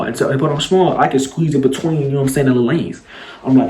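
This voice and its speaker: A man's voice: medium pitch, fast talker, slight background noise. Young man, casual vlog storyteller, loose slang, roomy echo. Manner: animated, loose slangy retelling with sound effects.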